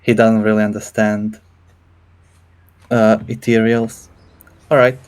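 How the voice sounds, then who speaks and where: A man's voice: fairly low pitch, flat delivery, takes it slowly, a little mellow, smooth. A man playing a tabletop game, hesitant and stammering. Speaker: player.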